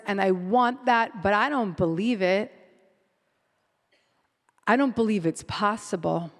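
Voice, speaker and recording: Woman in her forties telling a story live. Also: fairly low pitch. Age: 40s. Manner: vivid, repetitive present-tense storytelling. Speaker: host. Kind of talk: live storytelling talk to an audience. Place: live event hall. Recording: long reverb of a live hall.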